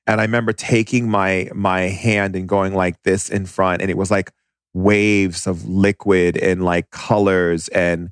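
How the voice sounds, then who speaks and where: A man's voice: low-pitched, little pitch movement, measured pace, clear, resonant tone, dry recording, studio quality. A man telling a personal story as a podcast guest, intense and vivid.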